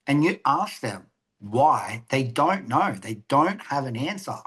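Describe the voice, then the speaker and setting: A man's voice: mid-range voice, very animated, unhurried, fairly bright tone. A man with an Australian accent, a guest on a podcast, chatting casually, swearing freely and acting out conversations as he tells stories. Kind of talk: casual interview chat.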